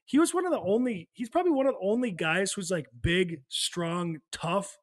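A former hockey player as podcast guest, telling laid-back stories and swearing. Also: male voice, sits high, moderate pace. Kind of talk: casual chat.

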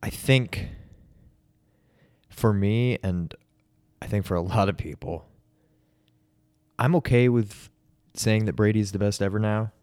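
A man's voice: lowish voice, slow pace, pauses often, a little mellow, smooth, dry recording, clean studio sound. A man co-hosting a podcast, giving rambling opinions in casual chat. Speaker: podcast co-host.

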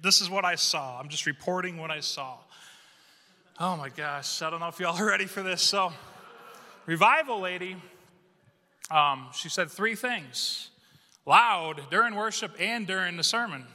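Man, pastor, high voice, animated storytelling sermon, church hall reverb. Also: moderate pace, long pauses. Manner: animated, conversational, acts out quotes. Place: church sanctuary.

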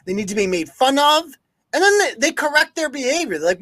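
A man's voice: extremely high pitch, very animated, brisk, bright, forceful tone, no room sound. A man hosting a live news-commentary podcast, ranting with heavy profanity and sarcasm. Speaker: podcast host.

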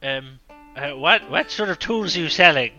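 A man's voice: fairly high pitch, lively intonation, moderate pace, lo-fi sound, over music. A man playing a tabletop game, talking playfully and hesitantly with a lot of ums. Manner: playful, hesitant, laughs between lines. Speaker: player. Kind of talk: casual tabletop game chat.

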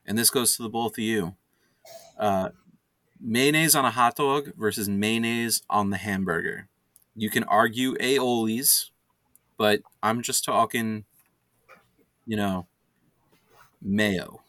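Low voiced guy asking the questions, dry sound. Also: slow, long pauses, pushed and bright, no room sound. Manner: casual, asks questions. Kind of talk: casual podcast moderating.

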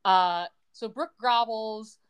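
A woman's voice: on the high side, slow, clean tone, dull audio. A woman hosting a podcast, casually retelling a TV episode with sarcastic asides and laughs. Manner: sarcastic, quips and laughs while retelling scenes. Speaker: podcast host recapping a TV episode. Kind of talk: casual chat.

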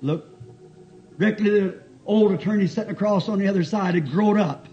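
A man preaching a folksy, fervent sermon and telling stories, with sudden shouts. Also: high voice, fairly quick. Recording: dull lo-fi old tape, faint music.

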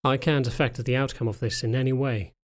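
Man reading as a timid young pregnant furry woman, soft, trembling, hesitant, storybook. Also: medium pitch, steady tone, a little fast, natural voice. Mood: fearful, subdued. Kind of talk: audiobook dialogue reading.

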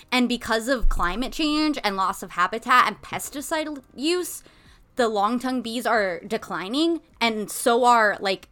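A young woman chats on a podcast in a bright, clear tone. She rambles a bit, fills gaps with "like", and keeps slipping into giggles. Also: on the high side. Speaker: podcast co-host. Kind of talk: casual chat.

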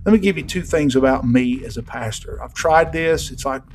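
A man pastor preaching a sermon in a church sanctuary, folksy and emphatic, swinging between loud and hushed. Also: mid-range voice, moderate pace, a little hiss or hum.

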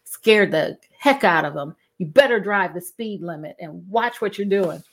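A middle-aged woman, talking to her listeners in a casual, expressive way and acting out the questions she quotes. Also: moderate pace, slightly rough. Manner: expressive, acts out quoted questions with big pitch swings. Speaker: host.

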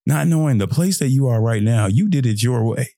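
A young man from Texas rambles through a solo motivational podcast in a gravelly, creaky voice. He talks loose and slangy and jumps into high mocking voices when he quotes his own thoughts. The sound is close and dry, with no room in it. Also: animated, fairly quick, dark tone, no room sound. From Fort Worth, Texas. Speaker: podcast host.

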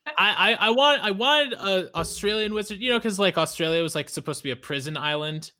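A man's voice: high-pitched, expressive, a little fast, sharp tone. A man in casual book club chat, enthusiastic and giggly, stumbling over words. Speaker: book club podcast member.

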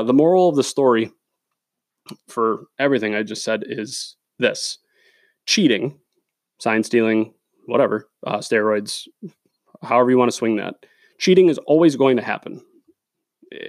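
A man's voice: mid-range voice, no echo, clean studio sound. A man hosting a solo sports podcast, ranting bluntly and profanely, with lots of "uh" and "again". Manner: blunt, profane, opinionated, with many fillers. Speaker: podcast host. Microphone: studio microphone.

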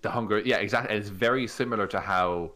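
A man's voice: fairly low pitch, fast talker, bright, forceful tone. A man co-hosting a tabletop gaming podcast, chatting casually and rambling with many fillers. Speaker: podcast co-host. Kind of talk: casual chat.

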